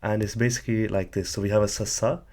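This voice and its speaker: A man's voice: on the low side, flat delivery, fast, a little mellow. A man teaching a language lesson, explaining patiently and methodically, often hedging with "sort of" while he writes examples on a board.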